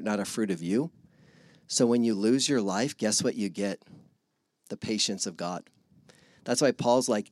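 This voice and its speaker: Animated man preaching in a dry room. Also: mid-range voice, dry recording. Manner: animated, acts out God and listeners in voices. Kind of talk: casual sermon.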